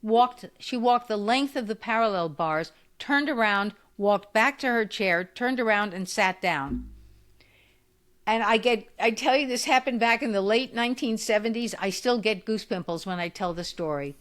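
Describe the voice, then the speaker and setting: A woman in her eighties, a physical therapist guest on a podcast interview, telling stories lively and acting out the voices of the people in them. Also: a little high, moderate pace. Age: 80s. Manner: animated storyteller who acts out quoted voices.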